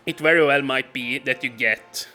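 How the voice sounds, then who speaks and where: A man talks through his game in a loose, rambling way, laughing often and filling the pauses with ums. His voice is very bright, and soft music plays faintly underneath. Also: mid-range voice. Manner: chatty, rambling, laughs often, hesitant fillers. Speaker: let's play commentator. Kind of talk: casual game commentary.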